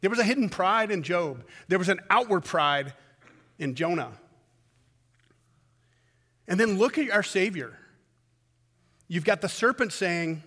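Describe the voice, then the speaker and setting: A man preaching a sermon as pastor, swinging from loud emphatic peaks down to low, intimate pleading. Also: animated, measured pace, pauses often, big-room sound. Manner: impassioned, rising to loud peaks then dropping low and intimate.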